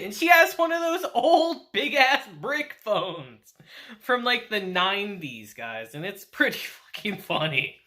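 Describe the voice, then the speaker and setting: A young man talks through an anime episode in a chatty, offhand review, breaking into laughter every few lines. His pitch swings up and down all the time, and his tone is bright and forward. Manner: laughs often while recapping, chatty and animated. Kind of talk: casual episode recap and review.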